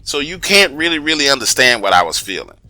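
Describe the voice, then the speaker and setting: A man telling a comic first-person story in an animated, profane, emphatic way, often turning to address his listeners directly. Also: mid-range voice, quick pace, no room sound, soft background music.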